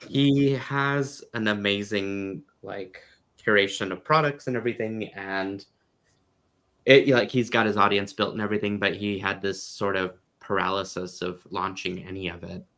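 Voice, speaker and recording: A man co-hosting a casual jewelry-making chat on a video call, relaxed and laughing often, with filler-heavy trailing sentences. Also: lowish voice, normal speed. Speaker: co-host.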